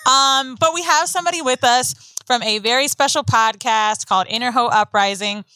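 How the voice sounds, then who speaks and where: A woman's voice: a little high, moderate pace, pushed and bright, clear, resonant tone, dry recording. A woman co-hosting a podcast, chatty and teasing in casual banter. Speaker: podcast co-host.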